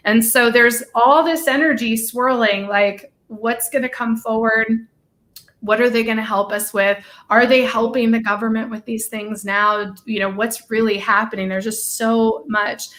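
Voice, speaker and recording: A woman hosting a casual live-stream chat, bubbly and gushing, running off on quick tangents. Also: on the high side, steady tone, a bit bright.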